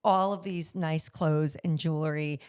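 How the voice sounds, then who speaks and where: A middle-aged woman, a podcast guest who owns a luxury consignment store, telling candid, animated stories and acting out the voices she quotes. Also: deep voice, measured pace, clean tone. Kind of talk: conversational interview storytelling.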